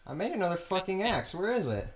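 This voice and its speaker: A man's voice: sits high, very animated, fast talker. A man chatting casually with friends over a voice call while playing a game, swearing often and laughing easily.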